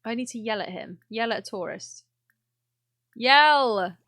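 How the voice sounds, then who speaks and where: A woman's voice: on the high side, steady tone, a little fast, dry recording, clean studio sound. A young woman chatting and exclaiming through a live game stream, laughing often. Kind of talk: casual live gameplay commentary.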